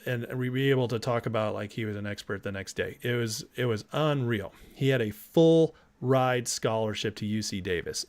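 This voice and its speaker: Excitable male livestream host. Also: medium pitch. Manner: excitable and emotional, reads viewer comments aloud. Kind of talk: casual political livestream chat.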